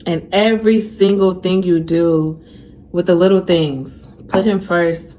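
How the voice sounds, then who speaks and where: A woman's voice: lowish voice, fairly even intonation, a little slow, dark tone, a little hiss or hum. A young woman talking casually and earnestly to her viewers in a faith vlog. She repeats phrases for emphasis and becomes emotional when she speaks of her faith. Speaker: faith vlogger. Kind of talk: casual heartfelt vlog talk.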